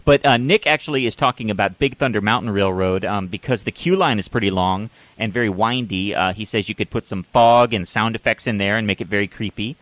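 A man's voice: on the low side, a little fast, hardly any pauses, a bit bright, no room sound. A man co-hosting a casual podcast chat, upbeat and reading out listener ideas between his own thoughts. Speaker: podcast co-host.

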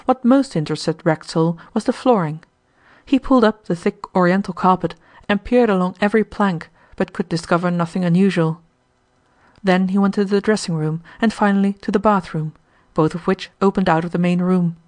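Woman narrating an audiobook, lower-voiced. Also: fairly quick, darkish tone.

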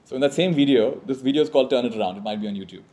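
A man giving a reflective spiritual talk to a live audience, leading call-and-response lines and often checking in with a quick "right?". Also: medium pitch, warm tone. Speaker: spiritual teacher.

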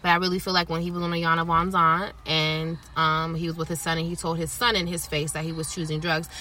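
Outspoken bright-voiced woman co-host. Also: low-pitched, flat delivery, brisk. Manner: blunt, outspoken opinions. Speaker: podcast co-host. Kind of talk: casual podcast chat.

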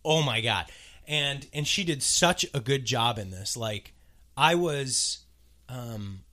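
A man chatting casually as a podcast co-host. His voice is bright and edgy, and it swings widely in pitch. He gushes expressively. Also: takes it slowly. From US West Coast. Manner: expressive, gushing. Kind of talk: casual chat.

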